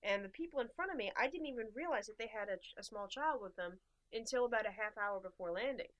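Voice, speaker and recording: A woman's voice: fairly high pitch, animated, fast talker, fairly bright tone, highs cut off. A young American woman co-hosting a podcast, telling a travel story in casual chat and acting out the dialogue. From USA. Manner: chatty storyteller, acts out dialogue in quoted voices. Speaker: podcast co-host.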